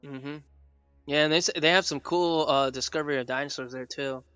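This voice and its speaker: A man's voice: a little high, fairly even intonation, fairly quick, fairly bright tone, clear, resonant tone, muffled recording, soft background music. A man co-hosting a podcast in casual chat, rambling with many fillers and laughing often. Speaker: podcast co-host and dinosaur artist.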